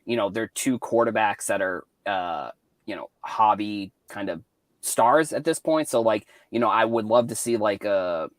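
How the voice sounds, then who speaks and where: A man from Cape Cod chatting casually as a guest on a call-in show, halting with many restarts and likes. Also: on the low side, no room sound. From Cape Cod, Massachusetts.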